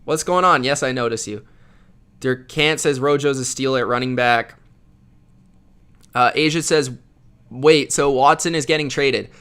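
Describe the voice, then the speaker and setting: A man hosting a live football reaction stream, reading viewer chat aloud and commenting in a loud, slangy, casual way. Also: medium pitch, measured pace, long pauses, clean tone. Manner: loud, self-described yeller, slangy with frequent "bro".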